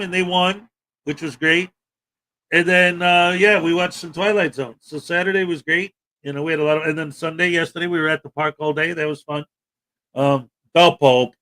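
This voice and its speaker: A man with a bright, forceful voice pitched a little high hosts a casual live stream. He rambles loosely from one thought to the next, laughs often and lets his sentences trail off. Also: normal speed. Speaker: host.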